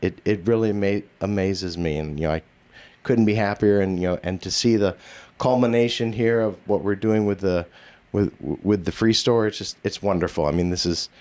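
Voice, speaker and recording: A man, a nonprofit board president, speaking at a community event with many pauses and restarts. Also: low voice, a little mellow. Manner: halting, many fillers and restarts. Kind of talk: speech at a public event.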